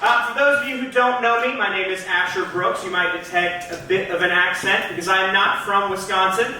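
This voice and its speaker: A man from Georgia doing a stand-up comedy set in a club, chatty and self-deprecating with quick asides to the crowd. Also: high-pitched, steady tone, pushed and bright, far from the mic, a little hiss or hum. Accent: trained neutral American, Southern accent dropped. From Georgia, USA. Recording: echoey club heard from off-mic.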